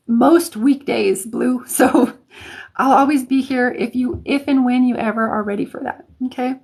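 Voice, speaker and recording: A woman's voice: high voice, normal speed, a little mellow, breathy edge. A woman hosting a live stream of intuitive readings, talking casually to viewers, chatty with many fillers and restarts.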